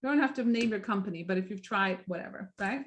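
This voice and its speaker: A woman's voice: mid-range voice, fast talker. A middle-aged woman leading a live sales training chat, upbeat and chatty, who keeps asking "right?" and acts out little examples. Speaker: direct sales team leader.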